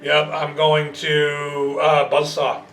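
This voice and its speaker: A man's voice: fairly high pitch, monotone, slow, over music. A man playing a tabletop game in a laid-back, hesitant way. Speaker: player. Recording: distant from mic in an echoey room.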